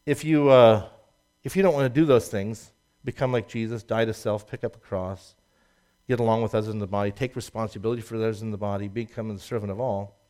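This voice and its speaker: A man preaching a sermon, swinging from loud emphatic rises to low asides and laughing at his own jokes. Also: steady tone, brisk. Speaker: pastor.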